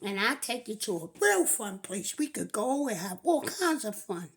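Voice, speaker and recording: A woman voicing a clever, eager little boy who talks persuasively, with a husky voice. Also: on the high side, very animated, normal speed, fairly bright tone, full character voice.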